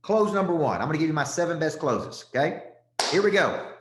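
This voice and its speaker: A man's voice: fairly high pitch, sing-song, brisk, noisy background. A middle-aged man from Tennessee, coaching a live audience on sales closes in a punchy, emphatic way, checking in often with "okay?". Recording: echoey room.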